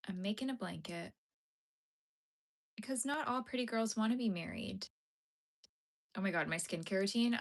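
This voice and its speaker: Young woman, live-stream host, easygoing chat while crocheting, mid-range voice, answers viewers, trails off into soft asides. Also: medium pitch. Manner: chatty, answers viewer comments as she works.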